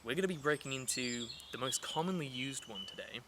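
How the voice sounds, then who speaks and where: A man with a mid-range, lively voice teaches a casual poetry lesson at a fairly quick pace, chatty with fillers and restarts. He's recorded outdoors, with birds and rural ambience clearly audible in the noisy background.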